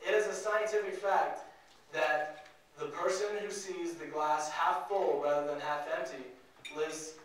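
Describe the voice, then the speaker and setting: A man's voice: a little high, fairly even intonation, measured pace, fairly bright tone. A man in his twenties giving a motivational talk, telling a personal story and acting out the voices of people in it. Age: 20s. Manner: storytelling, acts out quoted voices. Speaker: motivational speaker. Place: conference hall. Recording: echoey hall, mic from far off.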